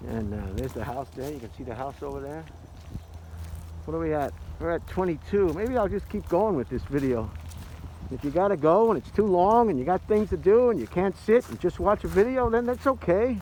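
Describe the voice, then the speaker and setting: Retired guy chatting and joking while he walks around outside, bit high pitched, faint outdoor noise. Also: expressive, a little fast, mellow, poor audio. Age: older. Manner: rambling, joking. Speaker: vlogger. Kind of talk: casual walking vlog. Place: outdoors in an arboretum.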